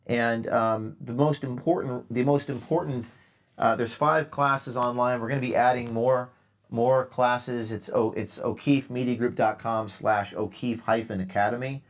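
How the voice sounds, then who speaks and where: A man's voice: mid-range voice, steady tone, a little slow. A man hosting a live call-in show, lecturing callers in a sarcastic, mock-earnest way. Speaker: show host taking calls.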